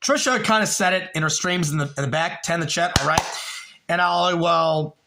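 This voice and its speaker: Man, young adult, livestream host, casual storytelling, profane, rambling, a little buzzed, slightly high voice. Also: moderate pace, creaky, background noise. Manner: profane, rambling, with many fillers. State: a little tipsy.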